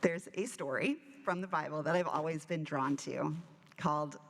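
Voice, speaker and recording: A woman minister giving a sermon, telling a story in a relaxed, conversational way with touches of humor. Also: deep voice, moderate pace, vocal fry. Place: church sanctuary. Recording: church hall with long reverb.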